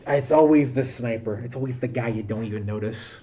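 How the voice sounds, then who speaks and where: A man from the United States giving rambling, self-interrupting live commentary while he plays an online game, with sudden loud bursts of excitement. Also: mid-range voice, a little fast, hardly any pauses, faint music behind. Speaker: game streamer. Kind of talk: casual live-stream commentary while gaming.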